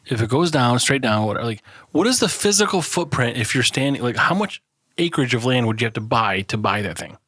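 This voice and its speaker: A man with a husky, mid-pitched voice banters on a casual podcast, peppering every story with curses and bursts of laughter. He rambles from one tangent to the next. The sound is dry and close. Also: animated, fairly quick, a bit bright, no echo. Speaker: podcast co-host.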